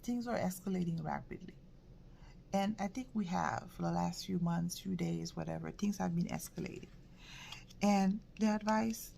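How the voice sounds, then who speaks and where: Gravelly low-voiced woman reading tarot. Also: fairly even intonation, slight background noise. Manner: halting, drifting, slips into soft whispers; repeats words, gentle reflective delivery. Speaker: tarot reader. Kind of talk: casual tarot reading to camera.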